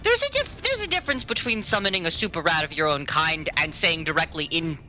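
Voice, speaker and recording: A tabletop player making loud, profane, joking outbursts. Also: medium pitch, very animated, brisk, soft background music. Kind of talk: casual tabletop play.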